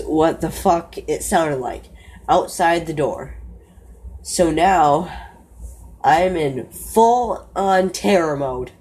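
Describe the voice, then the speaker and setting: A woman narrates a first-person horror story slowly and in a low-key way, frequently pausing to correct herself. Her voice has a darkish tone and a breathy edge.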